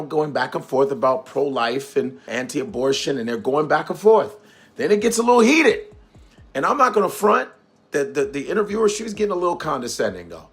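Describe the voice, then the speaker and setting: Loose-talking New York man. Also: mid-range voice. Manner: loose, animated storytelling. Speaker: comedian. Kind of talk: casual commentary.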